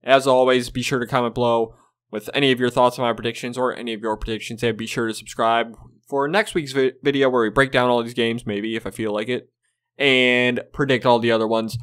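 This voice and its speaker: This man's mid-range voice is steady, brisk, fairly bright, clear and resonant. Hosting his own football predictions video, he talks casually yet bluntly, cursing and sounding exasperated.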